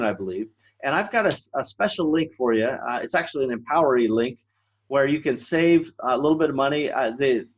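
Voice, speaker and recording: Rambling male podcast host, slightly muffled. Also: mid-range voice. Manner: rambling, many fillers and restarts. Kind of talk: casual solo podcast monologue.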